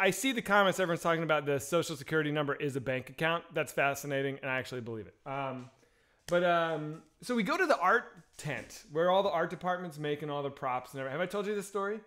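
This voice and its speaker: A man with a slightly higher voice, spinning a rambling story on a casual podcast stream. He talks in an animated, loose way, packed with fillers and profanity. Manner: animated, lots of fillers and laughs, swears freely. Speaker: podcast co-host.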